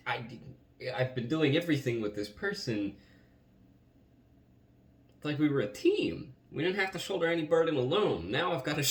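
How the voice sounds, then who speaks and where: A man giving a casual tarot reading in a chatty, rambling way, often saying "like.". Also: medium pitch. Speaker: tarot reader. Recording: roomy, distant mic, faint noise.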